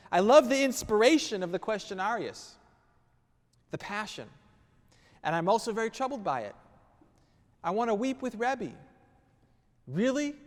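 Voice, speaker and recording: A rabbi giving a sermon, telling a story with dramatic pauses and quoting Hebrew and Aramaic passages. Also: male voice, sits high, big-room sound. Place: office.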